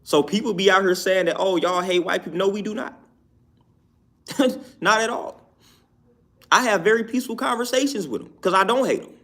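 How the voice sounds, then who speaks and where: A man's voice: sits high, normal speed, pauses often, bright, forceful tone. A man talking through his opinions on his own YouTube show, emphatic and repetitive, often asking "you know what I'm saying". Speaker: YouTube commentator. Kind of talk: casual opinion talk.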